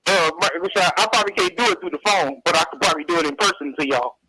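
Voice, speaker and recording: A man calling into a radio show, talking quickly and eagerly. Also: sits high, a loud crowd, poor audio. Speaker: caller.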